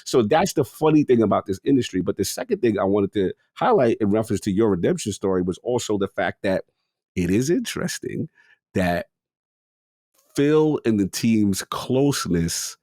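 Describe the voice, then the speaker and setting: A man co-hosting a gaming podcast in casual chat, slangy and animated, jumping into louder acted-out bits. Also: lowish voice, moderate pace, no room sound, clean studio sound. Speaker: podcast co-host.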